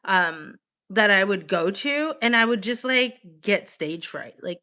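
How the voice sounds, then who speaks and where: A young woman from the United States hosting a casual livestream, chatting with viewers in an animated way full of "like" fillers. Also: mid-range voice, measured pace. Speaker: livestream host. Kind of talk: casual livestream chat, reacting to viewer comments.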